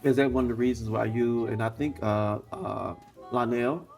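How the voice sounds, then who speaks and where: A man with a mid-range voice hosts a podcast. He asks relaxed, conversational questions and backs his guest with short affirmations. Faint music plays underneath. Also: mid-range voice, normal speed, creaky. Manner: steady stream of brief affirmations, conversational questions. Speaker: podcast host.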